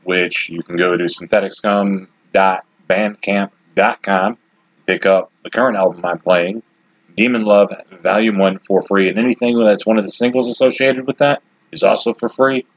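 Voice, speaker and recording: Podcast host, male, 40s: blunt and rambling, husky voice, dry close sound. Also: lowish voice, fairly even intonation, moderate pace, no echo, highs cut off. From Detroit, USA. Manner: rambling, blunt and opinionated, with frequent asides. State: has the hiccups. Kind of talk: casual solo commentary.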